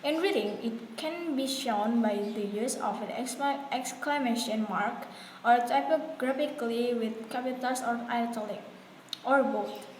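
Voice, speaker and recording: Woman, Indonesian first language, classroom presentation; slightly high voice, reads from notes with fillers and restarts; echoey room, faint noise. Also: measured pace.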